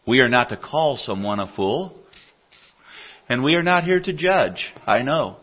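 An earnest man preaches a sermon in a church, his voice swelling loud for scripture and sinking soft for his stories. His voice sits in an ordinary middle range. The church recording sounds dull and lo-fi. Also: mid-range voice, expressive, unhurried.

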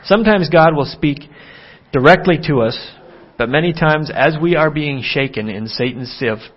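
Earnest man preaching, lo-fi audio. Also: normal speed. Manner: earnest, acts out quoted dialogue with rising pitch. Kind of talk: sermon.

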